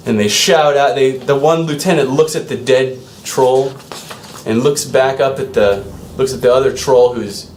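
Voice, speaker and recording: A man's voice: mid-range voice, normal speed, a little mellow, echoey room, a little hiss or hum. A man narrating as dungeon master in a loose, rambling way, with restarts and asides to the players. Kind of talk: narrating a tabletop game.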